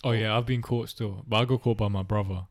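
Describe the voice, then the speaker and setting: A man's voice: on the low side, steady tone, fast talker. A young man chatting casually with friends, slangy and laid-back. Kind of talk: casual chat among friends.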